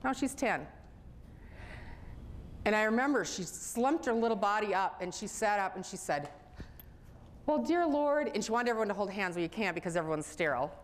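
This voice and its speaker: A middle-aged woman telling a personal story in an animated way, often laughing as she speaks. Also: mid-range voice, brisk.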